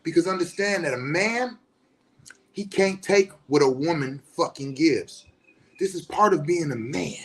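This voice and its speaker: Aave-speaking counselor guy going off, cussing, passionate, gets loud. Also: on the high side, expressive, unhurried. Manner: passionate, blunt, heavy swearing, rising to shouts. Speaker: spiritual teacher and counselor. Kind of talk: impassioned profane monologue.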